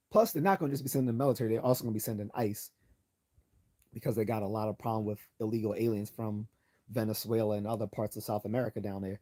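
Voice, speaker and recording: A man hosting a late-night livestream, talking bluntly and sarcastically while hoarse from losing his voice. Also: medium pitch, fast talker, mellow. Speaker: livestream host.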